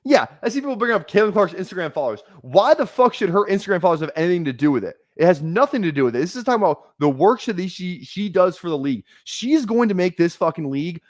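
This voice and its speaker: Streaming his fantasy football draft, this man unloads on his chat in a profane, heated rant full of repeated phrases. His high voice swings widely in pitch as he talks fast with barely a pause, in studio-quality audio without echo.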